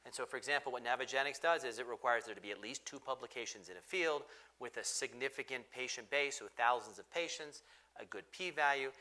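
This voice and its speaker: Bright-voiced man explaining emphatically. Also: medium pitch. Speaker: physician panelist. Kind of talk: panel discussion.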